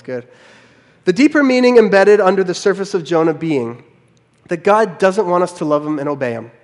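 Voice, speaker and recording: A man's voice: a little high, in a large hall. A man preaching a sermon as pastor, in a conversational storytelling way with wry asides.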